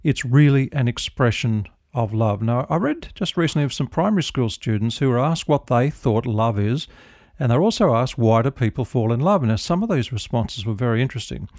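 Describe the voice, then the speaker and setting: A man's voice: medium pitch, lively intonation, brisk, no echo. Man giving a devotional. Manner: gentle storytelling, prayerful close. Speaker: devotional host, minister. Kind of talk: radio devotional talk.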